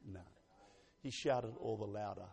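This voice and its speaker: A man preaching a sermon, swinging from hushed asides to loud exclamations and reading scripture slowly with emphasis. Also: on the low side, gravelly, breathy edge.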